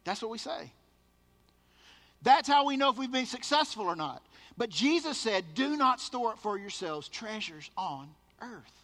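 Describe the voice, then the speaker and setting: Emphatic high-voiced male preacher in a hall. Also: sing-song, unhurried, bright, forceful tone. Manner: emphatic, repeats words for stress. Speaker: pastor. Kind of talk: sermon.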